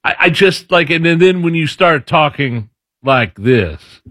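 A man's voice: a little high, lively intonation, unhurried, bright, forceful tone, dry recording, studio quality. A man hosting a casual political commentary show, talking loosely with restarts. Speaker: show host.

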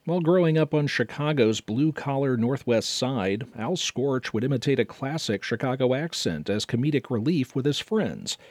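A male news anchor reading a scripted introduction with a steady, even delivery. His voice is mid-pitched and sits in a very dry studio. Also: moderate pace, hardly any pauses, dry recording.

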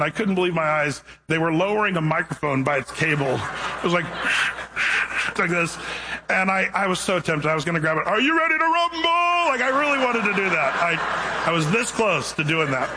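A middle-aged male pastor preaching a sermon, telling a funny story in a lively, animated way before reading scripture. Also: fairly high pitch, noisy background.

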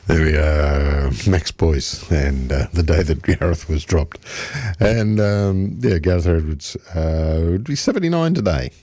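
A male radio host chatting casually in an unhurried, meandering way while introducing records. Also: a bass voice, animated, mellow, a little hiss or hum.

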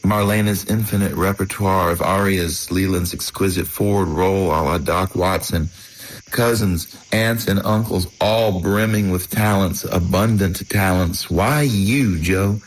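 A man's voice: low voice, measured pace, a little hiss or hum, low-quality recording. A man from North Carolina, telling his story as rhythmic, declaiming spoken word.

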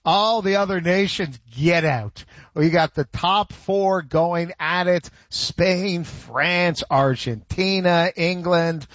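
A man hosting a sports talk show, giving quick, opinionated takes in casual conversation. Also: sits high, no room sound, lo-fi sound. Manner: energetic, quick opinionated delivery.

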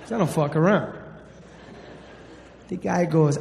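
A man's voice: on the high side, unhurried, creaky, long pauses, a little mellow. A man from New Jersey doing brash, profane stand-up comedy on stage. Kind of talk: stand-up storytelling. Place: comedy stage in a large hall. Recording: echoey live hall, faint noise.

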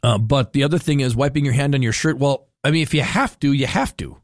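A man hosting a casual radio talk segment, chatty and animated, telling stories and acting out quoted people. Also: medium pitch, quick pace, no room sound, clean studio sound. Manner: chatty, animated storytelling with playful quoted voices. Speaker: radio host.

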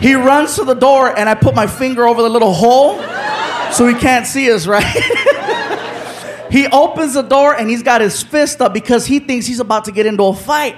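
A man doing stand-up comedy, telling a story with animated acted-out voices on a live stage. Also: very high voice, moderate pace. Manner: animated, acts out other characters' voices. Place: live comedy venue with audience. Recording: live stage recording with crowd noise.

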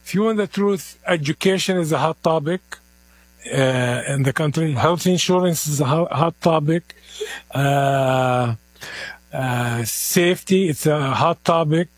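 A man's voice: on the high side, a little slow, no echo. A middle-aged man with a heavy Palestinian Arabic accent, speaking earnestly as an interview guest. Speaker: community organizer, guest. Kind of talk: interview at an event.

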